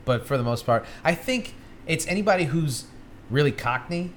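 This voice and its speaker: A man co-hosting a casual podcast chat, animated and swearing, his pitch jumping when he gets excited. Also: normal speed, a little hiss or hum. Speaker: podcast co-host.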